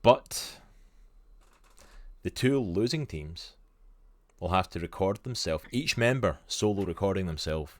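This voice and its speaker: Scottish guy on a stream, really deep voice, chatty and excited, says literally a lot, dry sound. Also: a little slow, dry recording. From Scotland. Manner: chatty and enthusiastic, with lots of "literally" and "like". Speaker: stream co-host. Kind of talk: casual chat on a live stream.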